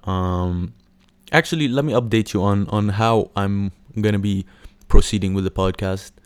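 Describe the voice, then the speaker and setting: A man's voice: fairly low pitch, moderate pace, clear, resonant tone, dry recording. A man hosting a casual solo podcast, rambling with lots of fillers, swearing and mocking impressions. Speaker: podcast host.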